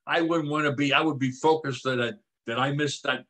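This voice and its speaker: A man in his eighties chats casually as a podcast co-host. His voice is bright and forward. He stops and restarts often, repeating words as he finds his way. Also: a little high, steady tone. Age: 80s. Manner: halting, repeats words while searching for them. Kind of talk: casual chat.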